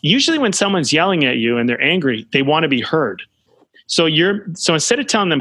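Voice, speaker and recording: A man talking in a relaxed podcast conversation, animated and full of fillers, acting out the voices of the people he quotes. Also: on the high side, moderate pace, no echo. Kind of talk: casual conversation.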